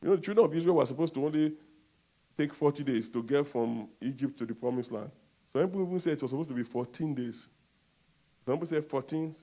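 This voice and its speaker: A man with a Nigerian accent preaching a sermon as a pastor, with sudden loud outbursts and calls for the congregation to answer back. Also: a little high.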